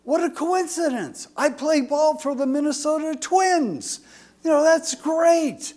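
A man voicing a proud new father of twins in a joke, raising his voice high and excited. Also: a little slow. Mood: delighted.

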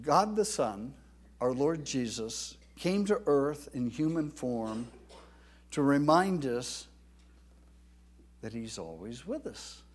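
A man preaching a sermon with emphatic delivery, rising loud when reading scripture aloud, with some halting restarts. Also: medium pitch, very animated. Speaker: pastor.

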